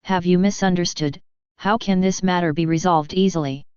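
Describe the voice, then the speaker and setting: A woman's voice: fairly low pitch, fairly even intonation, normal speed, darkish tone, clean tone, no room sound, muffled recording, natural voice. A woman voicing a shy, earnest young woman in love who speaks in a troubled, sincere way in an audiobook.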